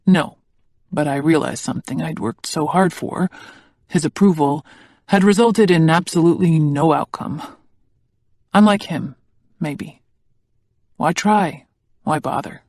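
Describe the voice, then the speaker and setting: Reader playing a guarded, hurt young man; quiet, level, audiobook dialogue in a dead-dry room. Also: medium pitch, a little slow, pauses often, no room sound, close to an everyday voice. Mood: subdued. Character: guarded adult man, bitter about his father.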